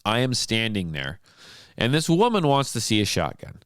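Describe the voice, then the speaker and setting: A man with a lowish, smooth and resonant voice hosts a podcast in a relaxed spoken monologue. He tells stories with exasperated animation and frequent restarts. The recording is dry and close. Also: normal speed, no room sound. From United States. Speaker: podcast host. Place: home studio.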